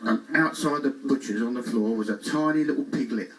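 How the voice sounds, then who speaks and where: This Englishman's stand-up act on a cruise ship stage imitates a classic comedian, all bumbling one-liners and jabs at himself. His delivery is brisk and lightly acted at a medium pitch. A distant mic with faint noise catches him, along with the audience laughing in the show lounge.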